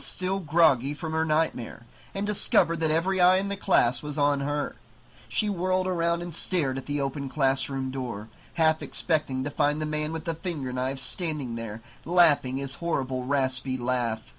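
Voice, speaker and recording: A man narrating an audiobook in a steady, dramatic reading style. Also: a little high, normal speed, poor audio. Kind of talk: scripted narration.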